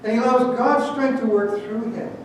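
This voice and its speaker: A high-voiced male pastor delivering a sermon, pausing on rhetorical questions and slowing down to stress key words. The sound is captured from a distant mic in a very echoey church, with a faint rumble underneath. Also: steady tone. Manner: rhetorical questions, slow emphatic phrasing, drops to a hush. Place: church sanctuary.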